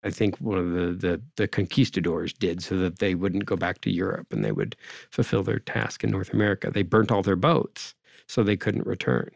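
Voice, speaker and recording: A man's voice: sits low, moderate pace, creaky, no room sound, clean studio sound. A man speaking as an interview guest in a discursive, conversational way, often adding "right?" and "you know".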